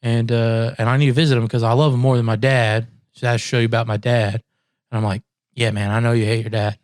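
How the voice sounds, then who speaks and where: A man talks in easy podcast chat, laughs often and slips into other people's voices as he tells his story. His pitch sits in the middle for a man. The room sounds dry and close. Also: quick pace, no room sound. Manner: animated storyteller, acts out quotes, laughs often. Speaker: podcast co-host.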